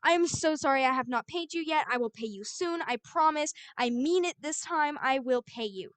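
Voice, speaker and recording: A flustered young woman client, apologizing over and over and promising to pay soon, as a woman puts her on. Her voice goes up high and pleading. The sound is close and dry. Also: moderate pace, a bit bright, dry recording. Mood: apologetic.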